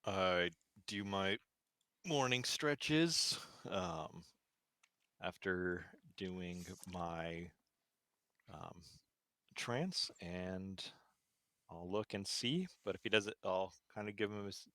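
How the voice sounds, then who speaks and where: A man's voice: low voice, slow, a bit bright, no room sound, clean studio sound. A man playing a tabletop role-playing game, describing his character's actions hesitantly with many fillers. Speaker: player. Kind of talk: casual tabletop role-play.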